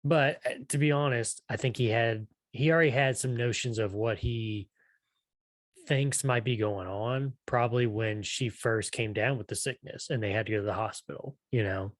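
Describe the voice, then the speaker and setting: A man's voice: mid-range voice, moderate pace, no room sound, clean studio sound. A man co-hosting a podcast in casual chat, rambling and restarting with lots of "you know". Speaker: podcast co-host.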